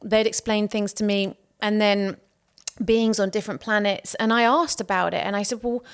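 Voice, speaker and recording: A woman who works as a spiritual life coach, talking as a podcast guest in a reflective, earnest way with frequent soft agreements. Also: mid-range voice, steady tone, moderate pace, clear, resonant tone. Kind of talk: casual podcast conversation.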